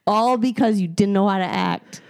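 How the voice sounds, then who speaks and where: A young adult woman co-hosting a podcast, telling travel stories in an animated, laughing, profane way. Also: mid-range voice, normal speed, clean tone. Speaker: podcast co-host. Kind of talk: casual comedic storytelling.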